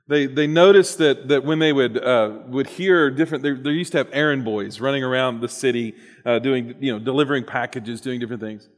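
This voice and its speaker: A man delivering a conversational sermon in a church, restarting his phrases often as he tells a story. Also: medium pitch. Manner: conversational with frequent restarts and fillers. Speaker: preacher. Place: church sanctuary. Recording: long hall reverb.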